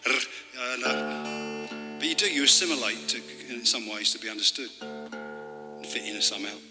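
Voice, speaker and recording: A man talking between songs at a live club gig, rambling and wry, halting with fillers and political jokes. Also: on the low side, animated. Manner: halting, with many fillers and restarts. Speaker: folk singer and storyteller. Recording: hall reverb with guitar playing.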